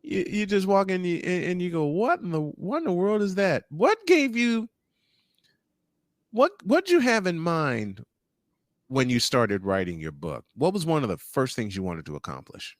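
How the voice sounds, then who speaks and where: A male podcast host telling an animated personal story with frequent laughs and quoted inner thoughts. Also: a little high, unhurried, no echo, clean studio sound. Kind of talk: casual interview chat.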